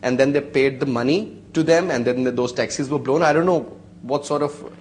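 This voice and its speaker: A man's voice: mid-range voice, brisk, slight background noise. A man who hosts a TV talk show, prompting his guest politely and chiming in with short, agreeing remarks. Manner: deferential, brief agreeing interjections. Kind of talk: interviewing a guest on TV.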